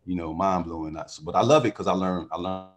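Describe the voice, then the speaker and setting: A man's voice: low-pitched, fast. A man talking as a podcast guest in casual conversation, riffing animatedly and philosophically on word origins.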